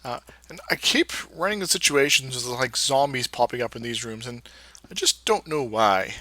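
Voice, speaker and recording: A man talks through his game in a loose, wandering way, stopping and restarting his sentences. His voice is very bright and forward. It is recorded close and dry. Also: mid-range voice, lively intonation, moderate pace, no echo. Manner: rambling, many fillers and restarts. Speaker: Let's Play creator. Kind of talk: casual gameplay commentary.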